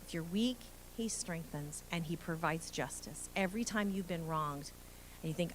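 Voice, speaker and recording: A woman's voice: on the low side, normal speed, a little hiss or hum, rough recording. A woman pastor preaching a live sermon in a church, earnest and building emphasis as she speaks. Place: church sanctuary.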